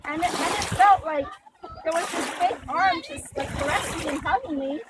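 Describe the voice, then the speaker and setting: A woman's voice: very high voice, normal speed. A woman telling her faith story in an earnest, emotional way, full of fillers, recorded outdoors by a river. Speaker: person being baptized giving testimony. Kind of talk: emotional personal testimony. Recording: distant mic with loud outdoor noise.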